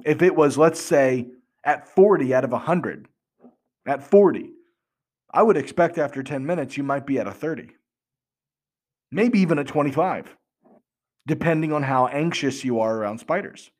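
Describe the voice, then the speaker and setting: A man's voice: on the high side, animated, moderate pace, long pauses, a little mellow. A man hosting a podcast, explaining earnestly with rhetorical questions and frequent restarts. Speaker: podcast host.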